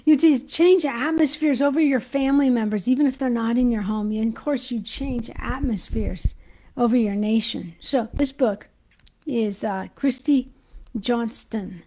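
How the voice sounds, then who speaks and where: A woman giving an informal Christian teaching, talking excitedly and chatting to her viewers while she hunts for her notes. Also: a little high, measured pace, poor audio. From United States.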